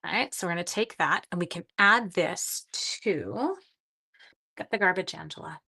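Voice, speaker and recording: Gravelly-voiced chatty woman crafting live. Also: lowish voice, moderate pace, sharp tone. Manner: chatty, talks to live viewers while working. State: short on sleep. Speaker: craft video host. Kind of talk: live craft-along chat.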